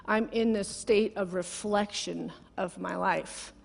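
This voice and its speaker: A woman's voice: medium pitch, fairly even intonation, takes it slowly, gravelly. A middle-aged woman giving a heartfelt, conversational sermon built around a personal story, close to tears. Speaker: guest speaker. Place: large church sanctuary. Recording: long hall reverb.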